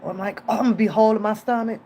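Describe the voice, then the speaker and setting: A woman's voice: medium pitch, very fast, a little hiss or hum. A woman streamer telling a story in casual chat, acting out the people in it and laughing often. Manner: animated, acts out voices in quotes, laughs often. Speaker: reaction streamer.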